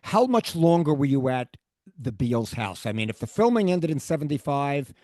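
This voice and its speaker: A man hosting a podcast interview, steering his guest toward dates and a clear timeline. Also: mid-range voice, very animated, normal speed, mellow, no echo, studio quality. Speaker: podcast host.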